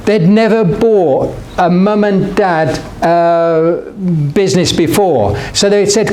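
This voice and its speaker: His voice sits high and is a little mellow; he talks slowly with few pauses. A retired business founder, he casually tells rambling business stories packed with fillers and restarts, recorded with a distant mic in a very echoey room with faint noise.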